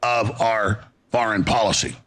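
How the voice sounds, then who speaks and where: A man ranting on a political talk show, gruff and theatrical. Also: fairly low pitch, a little slow, fairly bright tone. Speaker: show host in a played clip.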